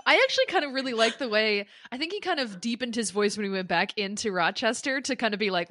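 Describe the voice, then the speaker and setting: A woman co-hosts a podcast in casual chat, giggling and acting out lines as she goes. Her voice is bright and fairly high, and the recording is dry and close. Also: very animated, a little fast, hardly any pauses, no echo. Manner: giggly, acts out quoted lines. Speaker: podcast co-host.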